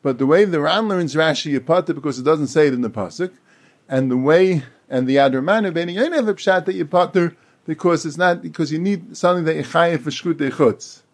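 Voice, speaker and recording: A man giving a Talmud lecture, explaining quickly in run-on sentences and acting out the speakers he quotes. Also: fairly high pitch. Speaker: Talmud teacher.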